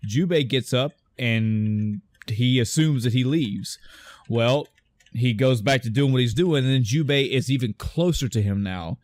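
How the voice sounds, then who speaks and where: A man's voice: mid-range voice, unhurried, darkish tone, no echo. A man hosting a podcast in casual chat, rambling and restarting, often acting out movie lines. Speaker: podcast host.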